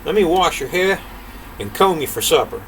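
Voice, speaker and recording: A man's voice: fairly high pitch, big pitch swings, normal speed, recorded from a distance, a little hiss or hum, rough recording. An older grandfather reading aloud, voicing a sweetly scheming old giant woman in a coaxing tone. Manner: coaxing, sugary.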